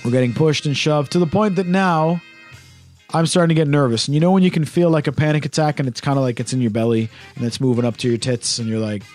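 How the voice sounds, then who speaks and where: A man casually telling a story on a podcast, animated and full of swearing. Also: on the high side, fast talker, faint music behind.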